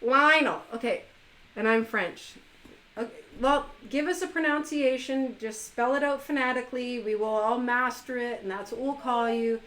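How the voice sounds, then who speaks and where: A woman's voice: a little high, fairly even intonation, moderate pace, rough recording. Playful, teasing woman hosting a stream. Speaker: live stream host. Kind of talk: casual live stream chat.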